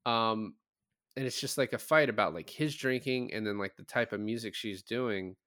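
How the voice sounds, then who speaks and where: A man's voice: fairly low pitch, moderate pace, fairly bright tone. Casual podcast guy retelling a film. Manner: retells scenes with quoted lines, lots of "like" and "um"; swears casually. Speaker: podcast co-host. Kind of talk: casual chat.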